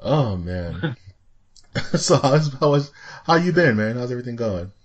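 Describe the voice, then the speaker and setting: A man's voice: medium pitch, animated, a little slow, muffled recording. A man hosting a casual podcast, joking around and dropping movie references. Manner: playful, jokey, full of movie references. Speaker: podcast host.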